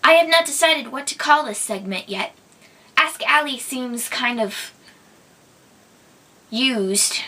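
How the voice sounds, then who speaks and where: A young woman from Minnesota hosts her own vlog, chatting casually through viewer questions. Her voice is bright and sits a little high. She is giggly and hesitant, full of ums and restarts. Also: animated, slow, pauses often. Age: young adult. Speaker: vlog host. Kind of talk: casual chat.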